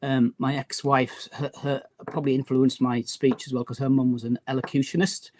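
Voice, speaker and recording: A man's voice: medium pitch, level tone, normal speed, a little mellow, a little hiss or hum. A man from County Durham with a mild Durham accent and a faint Teesside trace, chatting as a guest about his publishing work with many restarts. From County Durham, England. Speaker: guest, map and book publisher. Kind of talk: casual interview chat.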